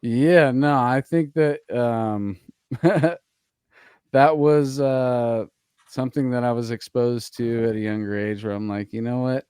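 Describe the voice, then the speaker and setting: A man's voice: mid-range voice, steady tone, slow pace, darkish tone, smooth, no echo, clean studio sound. A man hosting a podcast in casual chat, laid-back and a little drunk, laughing and saying "dude" a lot. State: tipsy from drinking. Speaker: podcast host.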